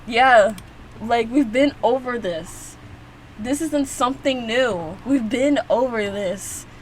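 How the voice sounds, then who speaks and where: A woman's voice: fairly high pitch, takes it slowly, slight background noise, low-quality recording. A young woman hosting a reaction video, talking casually and rambling with lots of fillers and restarts. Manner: chatty, rambling, frequent fillers and restarts, laughs often.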